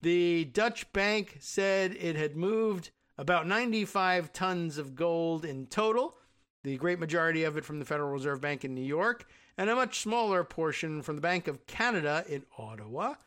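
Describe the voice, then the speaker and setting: A man reads a news story aloud in casual commentary. He keeps stopping for wry, offhand remarks, and his voice sits a little higher than most men's. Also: expressive, moderate pace, fairly bright tone, smooth. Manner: reads aloud, then breaks off into wry asides. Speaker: host reading and commenting on news.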